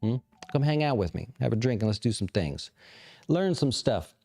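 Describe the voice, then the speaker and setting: A man hosting a casual livestream, answering viewer questions in a relaxed, rambling way with lots of fillers. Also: mid-range voice, moderate pace, gravelly. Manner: relaxed, rambling, thinks aloud with many fillers. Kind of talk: casual live chat about investing.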